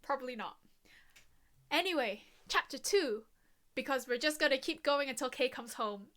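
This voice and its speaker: A woman's voice: high-pitched, animated, normal speed, fairly bright tone. A woman streaming a game, chatting casually and joking at her own expense. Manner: jokey, self-mocking, laughs often. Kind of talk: casual gameplay chat.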